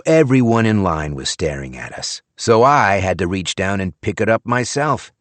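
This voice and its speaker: A man narrates a first-person audiobook with a wry, expressive delivery. His voice is low and moves animatedly, and the recording is close and completely dry. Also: moderate pace, hardly any pauses, dry recording.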